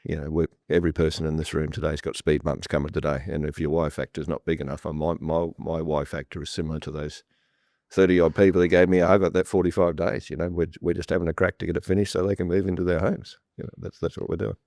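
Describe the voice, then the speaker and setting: Low-voiced man, plain-spoken. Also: flat delivery, quick pace, creaky, darkish tone, no room sound, clean studio sound. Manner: repetitive restarts, blunt and plain-spoken. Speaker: property developer guest. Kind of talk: conversational storytelling on a panel. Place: room with a live audience.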